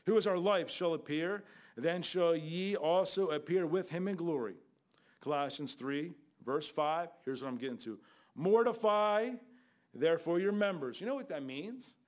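An older man preaching a fiery Bible sermon as a guest preacher, scolding loudly and then dropping to low asides. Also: animated, normal speed. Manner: loud, scolding, shifts between shouting and low asides.

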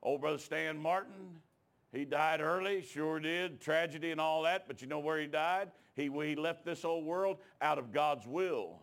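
Middle-aged man, preacher, storytelling sermon, folksy and emotional, voice slightly high. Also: unhurried, vocal fry, fairly bright tone.

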